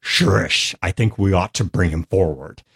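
A man voicing a gruff male fantasy Knoll servant, speaking deep in the throat. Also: normal speed, exaggerated voice. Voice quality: deep, guttural.

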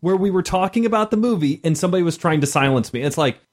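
A man's voice: sits high, animated, quick pace. A man co-hosting a casual panel chat, ranting in an exasperated way.

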